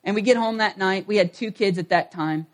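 A man pastor with a notably high-pitched voice delivers a sermon. He talks like he is sharing a story with friends, checking in with the congregation through questions as he goes. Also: a little fast. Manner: conversational storytelling, asks the audience questions.

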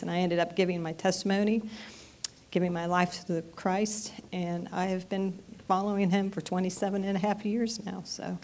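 A woman in her fifties giving a personal testimony in church, earnest and halting, with frequent restarts. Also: medium pitch, darkish tone. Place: church sanctuary.

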